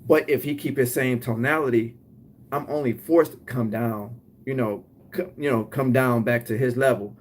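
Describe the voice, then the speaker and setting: A man's voice: medium pitch, fairly even intonation, moderate pace. Man, detroit accent, casual business advice, asks "right?" a lot, acts out little scenes. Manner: conversational, often ends points with "right?"; acts out both sides of short scenes. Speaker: cleaning business owner giving advice. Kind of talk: casual advice talk to viewers.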